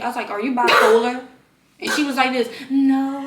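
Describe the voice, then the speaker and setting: A young woman telling a storytime in blunt, profane, animated casual chat, recorded in a shared bedroom. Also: fairly high pitch, a little fast, heavy background noise. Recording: roomy, distant mic.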